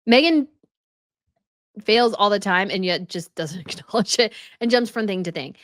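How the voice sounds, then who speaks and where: एक महिला होस्ट, जो व्यंग्य भरे और तीखे लहजे में एक वीडियो पर टिप्पणी करती है।. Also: female voice, medium pitch, animated, normal speed, no echo. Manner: sarcastic, scornful running critique. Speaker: commentary channel host. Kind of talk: reaction commentary.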